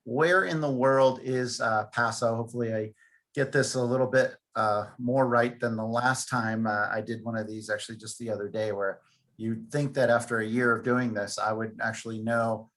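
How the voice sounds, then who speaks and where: A man's voice: medium pitch, fairly even intonation, normal speed, fairly bright tone. A man hosting a virtual wine tasting on a video call, upbeat and self-deprecating as he introduces the guests. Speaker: host.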